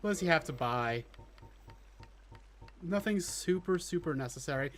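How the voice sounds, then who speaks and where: A man's voice: fairly high pitch, lively intonation, normal speed, faint music behind. A man casually commentating while playing a video game, chatty and self-deprecating, with casual swearing. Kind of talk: casual let's play commentary.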